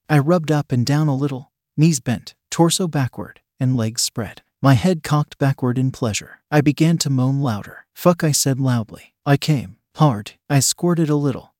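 A man narrating a story aloud in a steady, even reading voice. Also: medium pitch, dry recording, studio quality.

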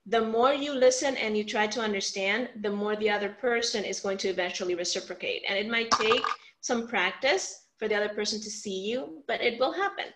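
A woman's voice: mid-range voice, low-quality recording. A woman teaching a workshop on family communication, acting out example lines and checking in with "right?" often. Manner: animated, acts out example lines, frequent "right?" check-ins. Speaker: communication coach.

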